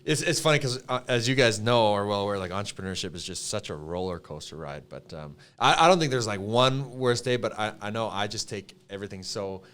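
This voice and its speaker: A young man with a Canadian accent, a podcast guest telling stories in a casual, emotional, animated way with many fillers. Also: lowish voice, brisk, hardly any pauses, clean tone. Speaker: podcast guest, clothing company co-founder.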